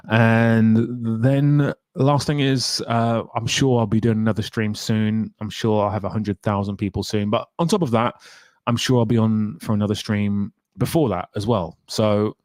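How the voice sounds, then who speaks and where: This is a young man's casual live stream, where he chats freely, shares strong opinions, and reads viewer comments aloud while answering questions. He has a lowish voice with a darkish tone, recorded dry at studio quality.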